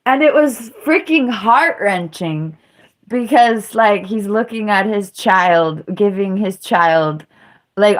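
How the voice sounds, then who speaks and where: A woman's voice: mid-range voice, lively intonation, takes it slowly. A woman in her thirties livestreaming a casual monologue, rambling through a story with a self-mocking tone. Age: 30s. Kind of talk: casual live-stream monologue.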